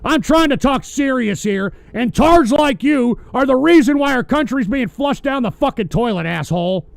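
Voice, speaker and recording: Man, high voice, dry close mic: foul-mouthed, sarcastic political host ranting at his chat. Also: expressive, moderate pace, creaky, dry recording. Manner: angry, swearing, sarcastic. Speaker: host of a political call-in show. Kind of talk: profane political rant.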